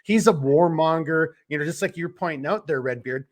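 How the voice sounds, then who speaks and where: A man co-hosting a podcast in casual political chat, animated and emphatic, his voice jumping up when he gets excited. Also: fairly high pitch, fairly quick. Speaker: podcast co-host.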